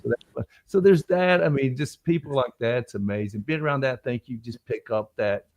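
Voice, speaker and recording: A man's voice: medium pitch, normal speed, a little mellow, dull audio. A man, an actor guest, telling anecdotes in casual chat and acting out the voices of people he quotes. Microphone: video call stream.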